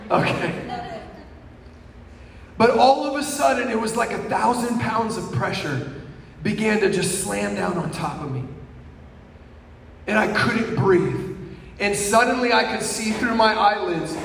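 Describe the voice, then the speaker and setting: Young man, sermon testimony, hushed to shouting, faint hiss behind, long hall reverb. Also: high-pitched, vocal fry. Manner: storytelling, swings from hushed to shouting. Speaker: preacher. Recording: echoey hall from far off with faint noise.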